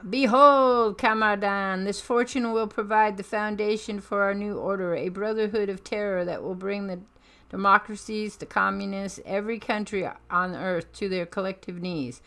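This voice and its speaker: A woman voicing a stern, ruthless male villain baron in a comic reading, booming and declamatory. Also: normal speed, fairly bright tone, lightly acted. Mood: triumphant.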